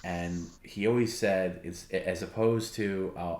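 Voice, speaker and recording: A man's voice: low-pitched, steady tone, brisk, reverberant. A man co-hosting a casual livestream, reading viewer comments aloud in a loose, rambling way. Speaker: stream co-host.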